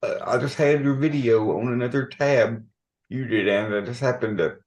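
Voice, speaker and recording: A man joining a livestream and explaining in a relaxed, offhand way how he came across the stream. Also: medium pitch, normal speed, reverberant. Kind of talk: casual chat.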